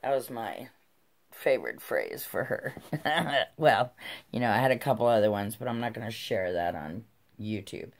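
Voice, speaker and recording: A woman's voice: extremely low pitch, lively intonation, moderate pace. A middle-aged woman telling a personal story to camera, blunt and swearing freely, laughing as she goes. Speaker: vlogger. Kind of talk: casual storytelling.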